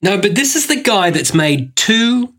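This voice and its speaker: A man's voice: high voice, very animated, measured pace, a bit bright. A man co-hosting a podcast in casual chat, playful and teasing. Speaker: podcast co-host.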